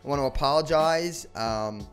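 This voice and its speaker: A man's voice: fairly high pitch, moderate pace, over loud music. A man co-hosting a casual podcast, rambling through questions and joking apologies. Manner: rambling, self-deprecating. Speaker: podcast co-host. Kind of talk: casual crude banter.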